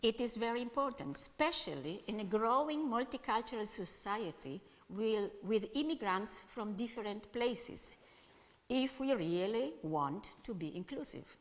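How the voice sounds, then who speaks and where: A woman music educator giving a conference talk, with halting, non-native phrasing, often turning to question her audience. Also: on the high side, lively intonation. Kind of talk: conference presentation. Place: conference hall. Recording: long hall reverb.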